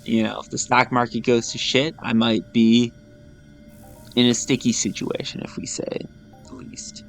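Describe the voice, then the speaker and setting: A man's voice: medium pitch, little pitch movement, unhurried, gravelly, faint music behind. A man in his thirties hosting a gaming channel, chatting casually over gameplay in a rambling, self-deprecating way and often repeating his words. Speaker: gaming YouTuber host.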